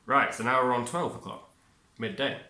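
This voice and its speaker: A man's voice: medium pitch, moderate pace, sharp tone. A man giving a rambling, upbeat self-help monologue, often cutting himself off mid-word. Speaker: vlogger. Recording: echoey room.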